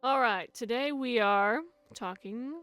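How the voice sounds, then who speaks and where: A woman's voice: on the high side, slow, fairly bright tone, smooth, dry recording, faint music behind. A woman co-hosting a casual podcast who laughs often and talks freely, with casual swearing. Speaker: podcast co-host. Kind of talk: casual chat.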